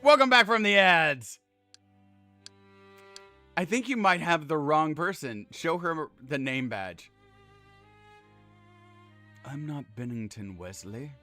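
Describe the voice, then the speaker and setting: Dude in his 30s streaming a game, bright voice, hyped and swearing, then all sincere. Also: a little high, slow pace, pauses often, soft background music. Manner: excitable, swears freely, earnest when praising others. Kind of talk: casual gameplay commentary.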